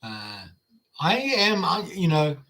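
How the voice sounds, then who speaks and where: A man's voice: on the high side, big pitch swings, slow, pushed and bright. An older man with an American Midwestern accent, chatting casually on a live stream as the channel host, rambling with fillers and restarts.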